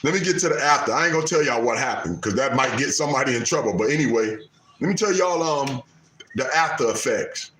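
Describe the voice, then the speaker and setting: A man's voice: mid-range voice, lively intonation, fast, fairly bright tone, roomy sound, slight background noise, rough recording. A man in his late fifties on a casual live stream, preaching about respect for parents and repeating his points for emphasis. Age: 50s. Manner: preachy, repeats lines for emphasis, Southern American Black vernacular. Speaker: livestream host.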